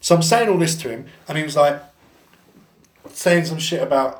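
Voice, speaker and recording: A man's voice: a little high, normal speed, roomy sound. A young adult Englishman co-hosting a podcast, swearing a lot and telling a story animatedly. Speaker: podcast co-host. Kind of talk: casual storytelling chat.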